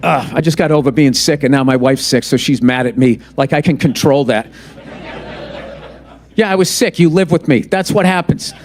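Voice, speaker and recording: A man's voice: fairly high pitch, normal speed, a little mellow. A man in his fifties doing stand-up on a club stage, ranting in an exasperated, profane way. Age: 50s. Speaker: stand-up comedian. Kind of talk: stand-up comedy routine. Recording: live audience and crowd noise.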